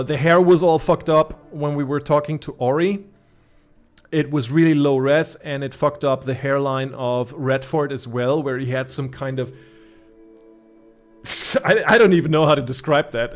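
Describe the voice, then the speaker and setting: A man from Germany with a German accent, chatting casually as a gaming streamer, rambling with many fillers and restarts. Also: medium pitch. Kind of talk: casual live-stream commentary.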